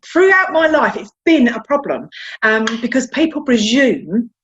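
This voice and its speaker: A woman's voice: on the high side, big pitch swings, a little slow, fairly bright tone, muffled recording. Chatty South London woman, frank. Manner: chatty, frank, self-deprecating, repeats words. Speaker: guest. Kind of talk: candid interview chat.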